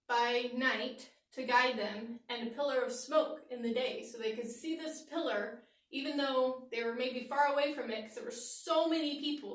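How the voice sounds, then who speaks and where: A woman teaching children a Bible story, lively and asking them questions. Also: fairly high pitch, distant mic. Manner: animated, asks the kids questions. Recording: roomy echo, voice from off-mic.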